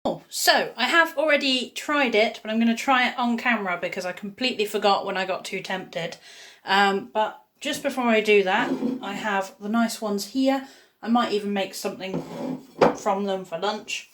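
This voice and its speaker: Brief: woman, home cooking vlogger, chatty and upbeat, mid-pitched voice, talking while she cooks in her kitchen. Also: moderate pace, fairly bright tone. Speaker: YouTuber baking at home. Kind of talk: casual cooking vlog.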